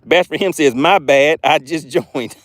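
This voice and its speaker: A man's voice: on the high side, unhurried. A man with a Southern US accent hosting a live fishing stream outdoors, reading viewer comments aloud and laughing often in a friendly, chatty way. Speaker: fishing livestream host.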